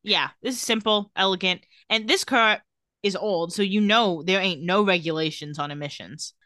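Bright and forceful, a woman with a mid-range voice speaks at normal speed as she co-hosts a podcast, casually recapping a TV episode scene by scene and quoting its characters. The recording is dry and studio quality.

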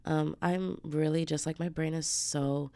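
A woman's voice: deep voice, steady tone, a little slow, vocal fry, dark tone, clean tone, no echo. A woman hosting her own podcast while sick with the flu, chatting casually in a slangy, profane way and calling her listeners babes. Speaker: podcast host. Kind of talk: casual solo podcast chat.

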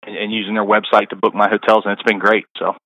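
Low, dry-voiced man telling caddie stories. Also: flat delivery, quick pace, bright, forceful tone, no room sound, dull audio. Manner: rambling, many fillers and restarts. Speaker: caddie guest. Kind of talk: casual interview storytelling.

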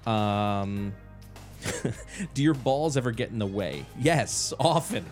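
A man's voice: medium pitch, lively intonation, takes it slowly, darkish tone, faint music behind. A man co-hosting a podcast, telling a story in casual chat, swearing and laughing often. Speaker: podcast co-host.

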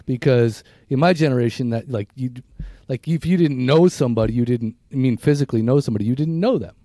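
A man in his fifties co-hosting a podcast, chatting casually in a rambling, reflective way with halting restarts. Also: medium pitch, dark tone, no room sound, clean studio sound. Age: 50s. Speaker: podcast co-host. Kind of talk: casual chat.

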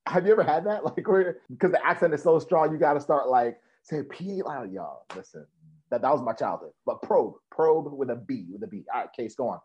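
A man's voice: mid-range voice, animated, brisk, a little mellow, husky. A man co-hosting a podcast and coaching students, talking casually and energetically, often repeating himself and laughing. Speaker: podcast co-host, physical therapist coach. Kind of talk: casual podcast talk to listeners. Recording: muffled lo-fi sound.

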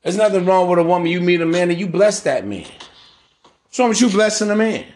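A man's voice: sits high, lively intonation, a little fast, darkish tone. A man hosting a podcast, giving a blunt, preachy monologue full of slang and mocking put-on voices. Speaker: podcast host. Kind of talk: casual monologue.

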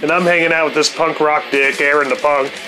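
Over music and through poor audio, a man in his fifties with a somewhat high, steady voice speaks briskly as a podcast host. He tells a profane personal story in a relaxed, casual manner, swearing constantly and laughing at his own tales.

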